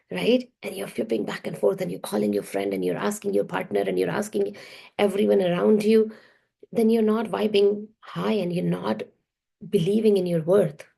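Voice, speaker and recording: A woman's voice: medium pitch, vocal fry, warm tone, husky. A woman self-worth coach giving an emphatic, repetitive motivational masterclass talk.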